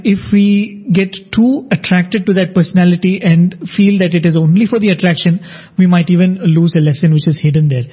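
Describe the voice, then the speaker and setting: A man with a high, mellow voice tells anecdotes in an unhurried, conversational manner. His voice is slightly husky, and the audio is dull and lo-fi. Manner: anecdotal, measured, laughs while telling. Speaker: storyteller in a devotional talk. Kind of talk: conversational storytelling.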